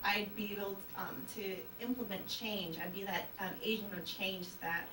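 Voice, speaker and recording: A woman's voice: medium pitch, fairly even intonation, normal speed, echoey room. Woman, hesitant, self-conscious, distant mic, noisy room. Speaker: hypnosis client. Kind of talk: casual interview talk.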